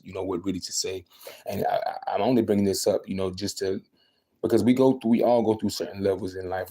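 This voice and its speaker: Young man, quick emphatic livestream rant, low and warm. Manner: venting, emphatic, repeats himself. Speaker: livestreaming vlogger.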